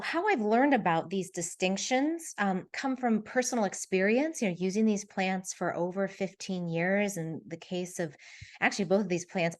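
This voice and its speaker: A woman who is a clinical herbalist and podcast host, giving a casual, chatty spoken lesson about herbs. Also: fairly low pitch. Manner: chatty, explanatory, friendly.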